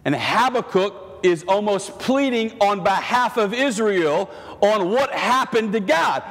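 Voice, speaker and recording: A male priest preaching a sermon in an animated, joking way, acting out the voices he quotes. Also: sits high, slow pace. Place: church. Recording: long church reverb.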